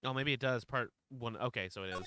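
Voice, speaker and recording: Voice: medium pitch, fairly quick, bright, forceful tone, a little hiss or hum. A streamer making offhand, wry asides during a live game playthrough, with game music behind.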